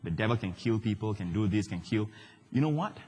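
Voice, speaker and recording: Middle-aged male pastor, lively sermon, husky voice, long church-hall reverb. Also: fairly low pitch, a little fast. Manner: animated preaching, swings between loud and hushed.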